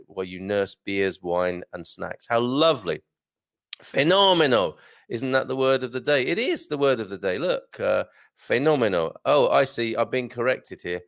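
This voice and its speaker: A man's voice: medium pitch, creaky, clear, resonant tone, no echo, studio quality. A man from Britain hosting a live stream, reading out viewer comments in a chatty, joking way with many hesitations. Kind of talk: casual live chat.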